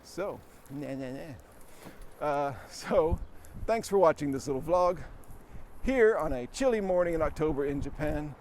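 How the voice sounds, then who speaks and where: A man with a slightly high voice talks while riding a bike on a city street. He is out of breath and tells a rambling story, poking fun at himself and chuckling. Faint traffic hums behind him. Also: expressive, normal speed, darkish tone. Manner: rambling, self-deprecating, chuckling. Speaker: vlogger. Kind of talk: casual storytelling while cycling.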